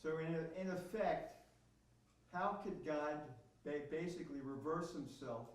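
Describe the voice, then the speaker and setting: Distant, echoey male student asking questions. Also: a little high. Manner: halting, searches for words with fillers. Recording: far from the mic in a very echoey room.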